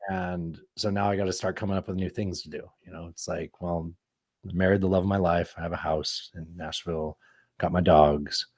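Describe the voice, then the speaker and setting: A man in his thirties hosting a casual podcast, rambling and animated, who swears casually. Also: low-pitched, normal speed, no echo. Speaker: podcast host. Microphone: studio microphone.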